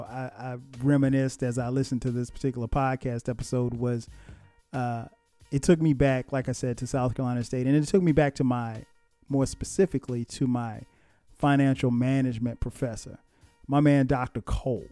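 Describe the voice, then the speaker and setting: A middle-aged man hosts a casual storytelling podcast in a mellow, relaxed voice. He reminisces in a self-mocking way and chuckles often. The sound is close and dry. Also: medium pitch, no room sound. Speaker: podcast host.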